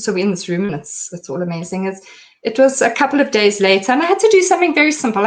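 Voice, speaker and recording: Speaking in a mid-range voice, a middle-aged woman recounts a personal story as an interview guest. Her delivery is emotional and halting, full of restarts.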